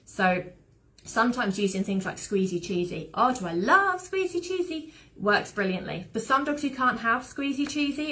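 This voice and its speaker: A woman's voice: medium pitch, fairly bright tone. Chatty woman dog trainer. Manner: chatty, rambling, fond of anecdotes. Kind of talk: informal online teaching talk.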